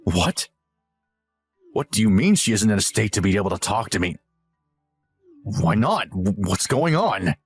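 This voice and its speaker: A man's voice: lowish voice, sing-song, unhurried, pauses often, faint music behind. A man voicing a selfish, arrogant young husband who scolds and talks down to his wife. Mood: panicked. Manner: condescending, whiny and scolding. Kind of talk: scripted story narration.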